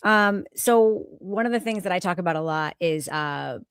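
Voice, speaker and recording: Female co-host from New Hampshire, lower voice, direct and teasing, dry mic. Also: lively intonation, moderate pace, clear, resonant tone, dry recording. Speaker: podcast co-host. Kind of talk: casual chat.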